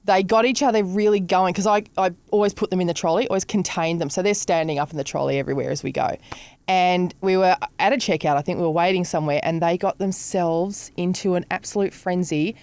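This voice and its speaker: A woman's voice: lowish voice, fast talker. A middle-aged Australian woman co-hosting a podcast, telling jokey stories in casual chat. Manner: animated, jokey storytelling. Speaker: podcast co-host.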